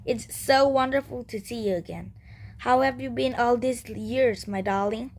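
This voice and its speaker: A woman's voice: on the high side, normal speed, pitched above the performer's own voice. A woman reading aloud as an elderly male cat, a fussy, doting great-grandfather, in a children's book. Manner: reading a talking-cat dialogue aloud in a lightly lifted voice.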